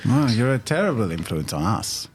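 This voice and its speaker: A man's voice: fairly low pitch, big pitch swings, moderate pace, faint music behind. A man playing his character in a tabletop game with playful banter. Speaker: player. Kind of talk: tabletop role-play.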